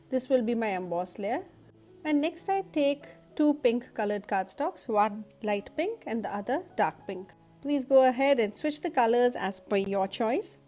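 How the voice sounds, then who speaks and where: Woman, husky and stuffed-up nasal, pitched a little high, friendly step-by-step craft tutorial host. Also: warm tone. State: nasal from allergies. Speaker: card-making tutorial host.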